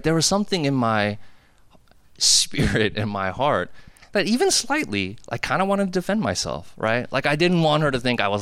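This American pastor in his thirties has a medium-pitched, bright, forceful voice with no room sound. He gives a casual, personal sermon in a hall with a cafeteria, telling confessional stories conversationally and leaning on "like" and "right?".

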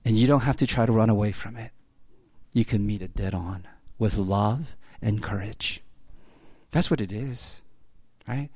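A man preaching a sermon in a conversational way, often tagging "right?" and swinging between urgent, louder passages and hushed, intense ones. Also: on the low side, measured pace, pauses often, no echo. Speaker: pastor.

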